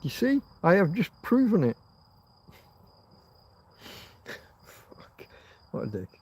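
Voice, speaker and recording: A man's voice: high-pitched, huge pitch swings, slow, slight background noise. A middle-aged man from Yorkshire with a Yorkshire accent, rambling and musing on a casual livestream chat as its host. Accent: Yorkshire English. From Yorkshire, England. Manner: musing, meandering, drifts between thoughts.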